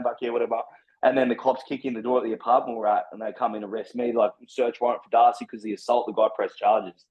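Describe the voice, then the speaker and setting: A man's voice: medium pitch, lo-fi sound. An Australian man telling his story as a podcast guest, blunt and full of slang and swearing. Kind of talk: casual storytelling.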